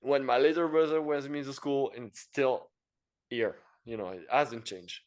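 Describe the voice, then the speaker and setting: A man's voice: mid-range voice, moderate pace. A French man in his thirties, a podcast guest speaking English with a French accent, rambling with many fillers and repeated words. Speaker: podcast guest, engineer and entrepreneur. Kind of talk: casual interview chat.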